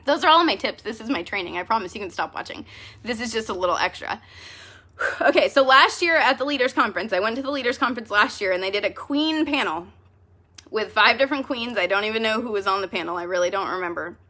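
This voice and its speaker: A woman with a bright, fairly high voice talks to her team in a casual vlog. She keeps choking up and sounds tearful. She laughs it off, teases herself and pushes on. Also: lively intonation, fast talker. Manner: emotional, self-deprecating, laughing through tears. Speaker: direct sales team leader.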